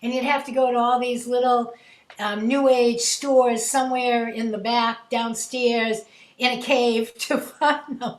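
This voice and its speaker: A woman's voice: a little high, normal speed, roomy sound, rough recording. A woman hosting a spiritual session over a video call, laughing often and rising into a preacher-like cadence. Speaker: host leading a spiritual prayer session.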